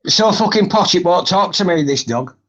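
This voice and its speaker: A man's voice: high voice, animated, fairly quick, fairly bright tone. A man chatting on a live stream, blunt, sweary and grumbling. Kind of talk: casual live chat. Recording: dull lo-fi stream audio.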